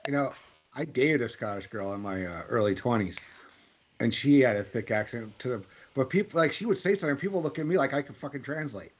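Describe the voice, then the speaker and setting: A man co-hosting a wrestling watch-along, telling a story in an excitable way with casual swearing. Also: medium pitch, a little fast, breathy edge, dull audio. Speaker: podcast co-host.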